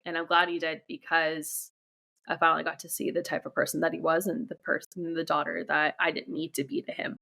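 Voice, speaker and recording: Low, gravelly young woman telling her story. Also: level tone, pushed and bright. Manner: candid, blunt, swears freely; halting, restarts sentences often. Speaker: interview guest. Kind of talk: candid personal storytelling interview.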